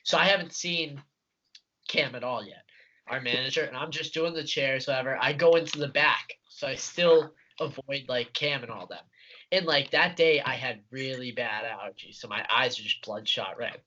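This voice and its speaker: A young man co-hosting a casual podcast laughs and gets animated while telling stories from work. His mid-range voice moves at a moderate pace, and the dull lo-fi recording carries a little hiss or hum.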